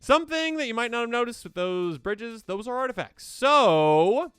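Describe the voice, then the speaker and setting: A man hosting an excitable card game deck overview, acting out players' reactions in squeaky voices. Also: normal speed, smooth, dry recording, clean studio sound. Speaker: host.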